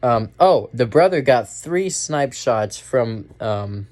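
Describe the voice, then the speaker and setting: A man's voice: mid-range voice, animated, slow pace, few pauses, darkish tone. A young man giving a casual, rambling movie review, full of fillers and restarts. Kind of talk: casual spoken film review.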